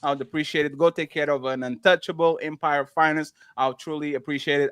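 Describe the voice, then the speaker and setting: A man's voice: fairly high pitch, fairly quick, sharp tone, dry recording, studio quality. A man hosting a live panel show, reading viewer comments aloud with exaggerated, laughing delivery. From Portugal. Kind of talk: casual chat, reading super chats.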